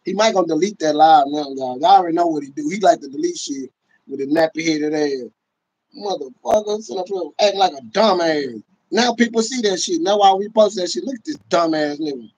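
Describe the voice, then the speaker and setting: High-voiced man ranting on a livestream. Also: brisk, lo-fi sound. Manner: profane, mocking, animated, with sudden shouts and laughs. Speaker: livestream host.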